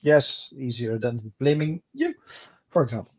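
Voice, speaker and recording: A man who is a guest on a casual livestream chat, talking in a relaxed, wry and easygoing way. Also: mid-range voice, a little slow, husky, low-quality recording. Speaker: guest hobbyist.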